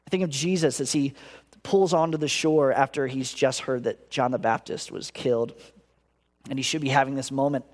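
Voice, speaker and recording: Man preaching, earnest, slightly high voice, long hall reverb. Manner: earnest, acts out inner voices with big pitch swings. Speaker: pastor. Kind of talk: sermon.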